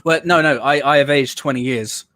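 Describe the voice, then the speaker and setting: Stream host, male, mid-pitched, plays up his weariness for laughs, dry room. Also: moderate pace, fairly bright tone, no room sound. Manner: theatrical, mock-weary. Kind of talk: casual live stream chat.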